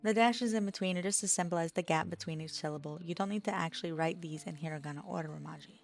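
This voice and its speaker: An Australian woman streams a game, reading each line of on-screen lesson text aloud in a fairly low voice. She breaks off to chat with her partner off to the side, and soft game music plays underneath. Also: fast talker, vocal fry.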